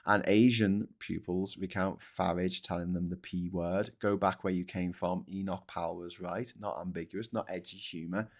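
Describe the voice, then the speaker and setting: A man's voice: on the low side, a bit bright. Rambling, sweary middle-aged male host. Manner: rambling, sweary, laughs often. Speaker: live-stream host. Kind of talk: casual chat reading viewer comments.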